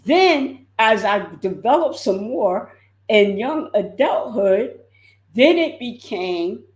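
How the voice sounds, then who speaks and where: Slow, expressive woman life coach. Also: fairly high pitch, echoey room. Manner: expressive, repeats words for emphasis. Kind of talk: motivational livestream talk.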